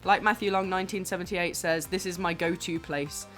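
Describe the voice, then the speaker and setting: A woman co-presenting a casual gaming chat, playful and quick to laugh as she reads out viewer comments. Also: lowish voice, fairly even intonation, fairly bright tone, faint music behind.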